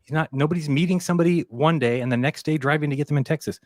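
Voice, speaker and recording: A man's voice: fairly high pitch, rapid-fire, a little mellow, no room sound. A man in casual conversation, telling a rambling story, acting out the quoted lines and swearing freely. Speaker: podcast guest.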